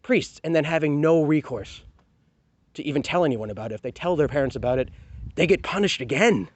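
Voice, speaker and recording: A man's voice: a little high, lively intonation, fairly quick, no room sound. A man venting in a heated, profane rant to camera, sarcastic and full of rhetorical questions. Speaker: vlogger. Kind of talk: angry personal rant to camera.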